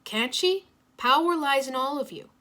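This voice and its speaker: A woman voicing a stern, wry older male mentor who speaks in measured pronouncements. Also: high voice, expressive, sharp tone, voice pushed up.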